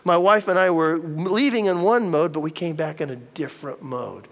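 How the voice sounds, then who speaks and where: A man's voice: a little high, moderate pace. A middle-aged man preaching a sermon as a pastor, chatty and storytelling, repeating words as he goes. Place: church hall. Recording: long reverb of a large hall.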